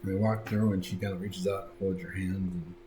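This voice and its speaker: A man's voice: low-pitched, flat delivery, a little fast, mellow, slight background noise. A man narrating a tabletop game as game master in a casual, descriptive way. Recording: roomy echo, faint background music.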